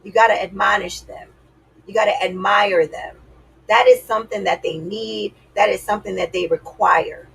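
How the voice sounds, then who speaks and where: A woman's voice: mid-range voice, fairly even intonation, moderate pace, gravelly, breathy edge, low-quality recording. A woman giving dating advice to her viewers in a sassy, emphatic, casual way. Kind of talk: casual advice talk to camera.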